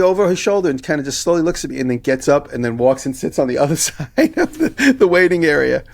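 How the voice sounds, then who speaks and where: A man on a podcast telling a story in casual chat, animated and acting out the people in it. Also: on the high side, quick pace, gravelly, few pauses. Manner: animated anecdote telling, acting out both sides of quoted exchanges. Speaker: podcast co-host.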